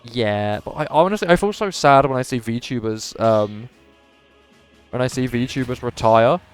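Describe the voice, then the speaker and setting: A man calls a live video game tournament in a punchy, emphatic commentator voice and chats with his viewers between the plays. His voice sounds a little worn and strained. Faint music runs quietly underneath. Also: mid-range voice, measured pace, clear, resonant tone. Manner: animated commentator voice, says his voice is going. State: slightly strained voice.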